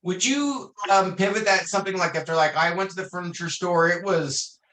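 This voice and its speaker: A man with a high, bright voice asks a question in a sales class. He sounds hesitant, with plenty of ums. The room around him echoes. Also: brisk. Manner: hesitant, with many fillers. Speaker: class participant.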